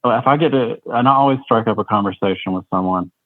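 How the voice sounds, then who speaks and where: A man's voice: fairly low pitch, quick pace, no room sound. Friendly North Carolina man on a tinny line. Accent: North Carolina Southern. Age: 30s. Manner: friendly, rambling, with frequent restarts. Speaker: podcast guest. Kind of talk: casual interview chat. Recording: dry, tinny phone-like line.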